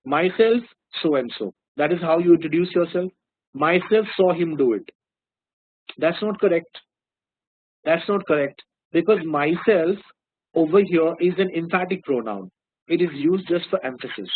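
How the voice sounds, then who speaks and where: A man with an Indian English accent teaches grammar in a patient classroom manner, repeating terms and pausing to check on his students. His voice sits high and a little husky. The sound is dry and thin, like a phone line. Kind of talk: classroom-style lesson.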